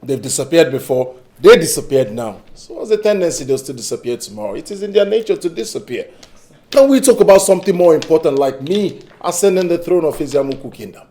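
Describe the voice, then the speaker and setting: A boastful scheming prince. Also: male voice, a little high, very animated, fast talker. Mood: scornful. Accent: Nigerian. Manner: boastful, mocking, shouting out bursts. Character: arrogant young prince grabbing for the throne.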